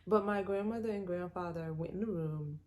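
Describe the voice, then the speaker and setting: Woman vlogger, lowish mellow voice, chatty storytime delivery. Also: fairly quick. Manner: casual, animated, many fillers. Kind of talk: storytime vlog.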